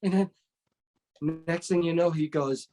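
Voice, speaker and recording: A man, a martial arts instructor, telling stories casually in an interview and acting out remembered dialogue with lively energy. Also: on the high side, measured pace, a little hiss or hum. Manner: lively storyteller who acts out remembered dialogue.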